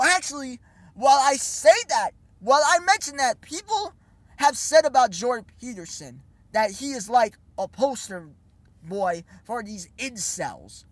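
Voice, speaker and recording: A man's voice: very high-pitched, no room sound. A young man ranting in a sarcastic, scornful vlog commentary full of casual slang. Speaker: vlogger. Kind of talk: mocking commentary rant.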